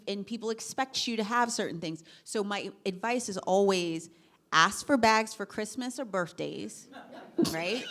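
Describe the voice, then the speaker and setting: A middle-aged woman speaks as a panelist at an average pitch. Her advice comes out animated and conversational, full of laughing asides. She acts out remembered dialogue as she goes.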